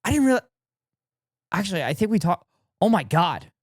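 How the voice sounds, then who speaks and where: Male streamer, excitable live reaction host, close dry mic. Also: sits high, normal speed, no room sound. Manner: excitable, repeats phrases, laughs often. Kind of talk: casual reaction commentary to chat.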